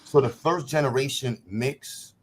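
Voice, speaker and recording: A man talks things through, building his points at length in a relaxed streamed discussion. His voice sits in a middling pitch and carries a thoughtful tone. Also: a little slow. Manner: reflective, lays out ideas at length.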